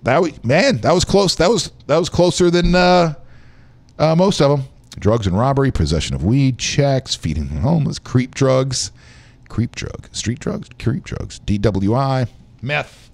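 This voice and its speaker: A man's voice: mid-range voice, expressive, unhurried, gravelly, darkish tone. Rambling male talk-show host. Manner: loose, rambling, joking. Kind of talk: casual live-stream chat.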